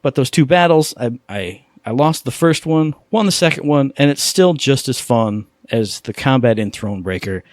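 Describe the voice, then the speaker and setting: A man's voice: medium pitch, moderate pace, few pauses, no echo, studio quality. Enthusiastic man gushing about games. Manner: enthusiastic, animated gamer talk. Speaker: podcast co-host. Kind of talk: casual chat.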